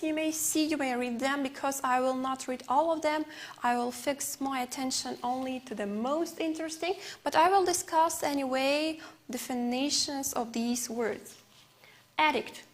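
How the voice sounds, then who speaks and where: Slow-paced high-voiced woman teacher. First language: Uzbek. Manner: explains slowly with repeated examples and fillers; non-native English phrasing. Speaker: English teacher. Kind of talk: televised language lesson.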